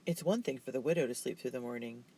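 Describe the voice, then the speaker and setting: A man's voice: mid-range voice, quick pace, dark tone, natural voice. A man reading aloud voices a bossy, stubborn older sister who talks sharply and insistently. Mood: exasperated.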